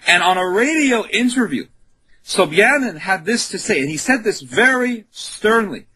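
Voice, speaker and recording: Dude on a radio interview, real raspy high voice, super insistent. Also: male voice, animated, normal speed, pushed and bright, rough recording. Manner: earnest, insistent. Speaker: guest, communications director.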